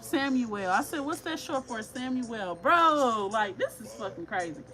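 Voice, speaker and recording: A woman doing a psychic reading for viewers, talking casually and excitably with slang, often breaking into laughter. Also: on the high side, normal speed, low-quality recording. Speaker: psychic reader.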